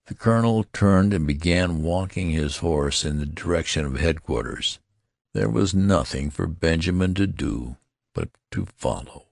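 A man reading an audiobook aloud in a lively, expressive way. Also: sits low, vocal fry, no room sound, studio quality. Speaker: audiobook narrator. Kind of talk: scripted audiobook narration.

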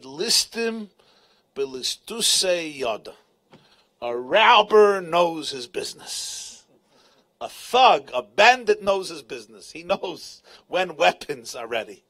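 A man with a husky, somewhat high voice, speaking as a rabbi before a live audience in a large tent. He retells a Talmud story dramatically, his pitch swinging widely and his emphasis sometimes rising to shouts.

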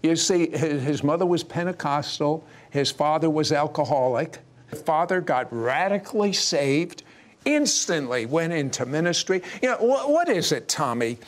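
A man's voice: fairly high pitch, expressive, moderate pace. A man interviewing a guest, asking questions emphatically.

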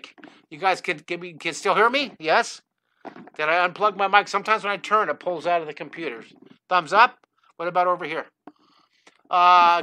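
An older man, a drawing teacher, greeting viewers by name in a live online lesson, excitable and scattered, talking into a headset mic at home. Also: sits high, moderate pace. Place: home studio.

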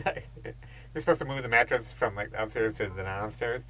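A man's voice: mid-range voice, brisk, a bit bright, a little hiss or hum, low-quality recording. A man co-hosting a podcast in casual chat, rambling through stories, swearing freely and laughing as he talks. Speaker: podcast co-host.

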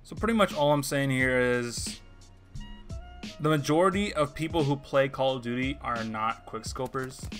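A man's voice: medium pitch, moderate pace, a bit bright, faint music behind. A young man giving gameplay commentary on his video channel, ranting in an opinionated, frustrated way. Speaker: gaming video creator.

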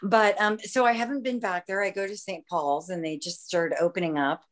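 A woman's voice: fairly low pitch, steady tone, normal speed. A woman chatting in a bubbly, talkative way on a video call and laughing often. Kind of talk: casual video-call chat.

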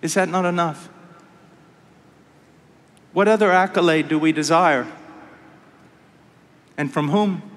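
A man preaching in a big conference hall, his voice high and unhurried, each phrase drawn out with weight. He goes from quiet, hushed lines to fervent cries, and the sound rings with long reverb. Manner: impassioned, swings from hushed to shouted. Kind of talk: conference sermon.

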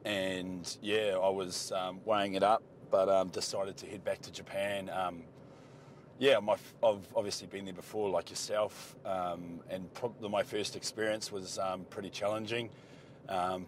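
Kiwi bloke, really low voice, relaxed and umming a lot, chatting in a ute. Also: male voice, slight background noise. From New Zealand. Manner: laid-back, hesitant with many ums. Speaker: rugby player. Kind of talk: casual in-car chat. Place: inside a moving ute.

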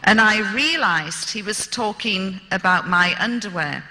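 British woman, fifties, slow and deliberate, very bright tone, storytelling lecture in a long-reverb hall. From Britain. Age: 50s. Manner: animated, acts out dialogue with raised pitch. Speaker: speaker.

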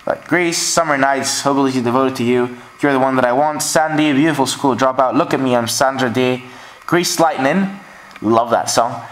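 A man in a casual vlog shows his record pickups and reads out their track lists offhandedly, shrugging things off with "whatever." His mid-range voice has a moderate pace. It's a low-quality recording from a camera mic indoors at home.

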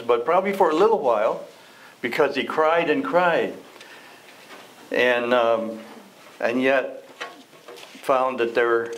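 A man's voice: medium pitch, slight background noise, low-quality recording. A man teaching an adult Sunday school class, reading scripture and asking the class questions in a conversational way. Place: church classroom.

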